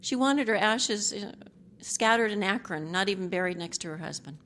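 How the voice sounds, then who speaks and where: A woman's voice: mid-range voice, expressive, moderate pace, fairly bright tone, a little hiss or hum. A middle-aged woman giving a personal testimony as a speaker at a recovery group meeting, candid and rambling with frequent asides and self-deprecating humor.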